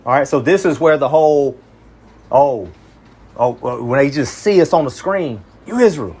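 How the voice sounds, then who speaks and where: A man's voice: fairly high pitch, a little fast, a little mellow, husky. A man from Kentucky leading a small group Bible study in a casual, slangy way, often checking that listeners follow him. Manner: slangy, conversational, often asks "you see what I'm saying".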